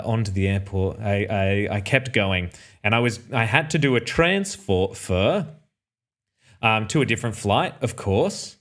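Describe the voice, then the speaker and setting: An Australian man recounting a travel mishap in an offhand, casual way. His voice sits at an ordinary middle pitch, and he keeps circling back to fix details and slip in deadpan remarks. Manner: rambling, self-correcting, dry asides. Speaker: streamer telling a personal story. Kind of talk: casual anecdote.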